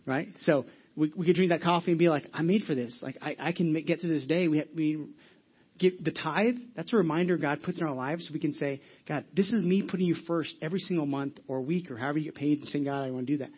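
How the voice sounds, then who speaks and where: Husky-voiced man preaching a sermon. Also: a little high, quick pace, highs cut off. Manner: earnest, animated preaching with rhetorical questions. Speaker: pastor.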